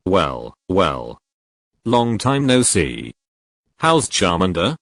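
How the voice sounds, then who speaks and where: A man's voice: on the low side, sing-song, normal speed, no echo. A man reading as a sneering young gang thug. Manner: smirking, taunting.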